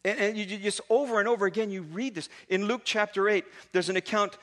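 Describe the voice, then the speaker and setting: A man preaching a sermon as pastor, retelling stories in an animated, casual way with many asides. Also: high-pitched, fast.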